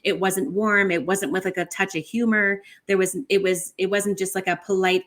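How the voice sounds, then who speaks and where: A woman, a podcast guest, telling a personal story in an animated way with many fillers. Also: medium pitch, brisk, few pauses. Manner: animated, many fillers like 'like' and 'you know'.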